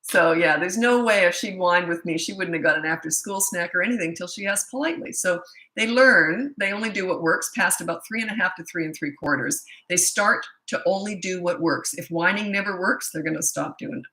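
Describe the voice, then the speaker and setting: A woman's voice: fairly low pitch, fairly quick, sharp tone. A middle-aged woman parenting coach, answering viewer questions in a blunt, chatty way with storytelling asides. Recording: echoey room.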